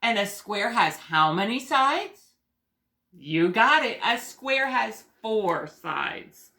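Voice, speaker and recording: Preschool teacher, woman, slow and gentle, bright higher voice, encouraging. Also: big pitch swings. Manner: slow, gentle and encouraging, sings call-and-response songs. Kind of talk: teaching young children on video.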